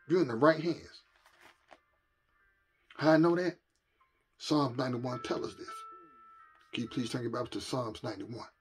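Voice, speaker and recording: A man preaching a sermon, moving from quiet scripture reading to loud, repetitive preaching cadences. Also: medium pitch, normal speed, long pauses, slightly rough, soft background music. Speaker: minister.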